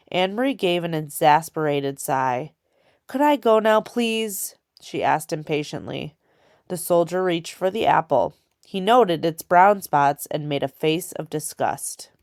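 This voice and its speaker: A woman reading a children's novel aloud in a steady storytelling way. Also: deep voice, dry recording, clean studio sound. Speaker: audiobook reader.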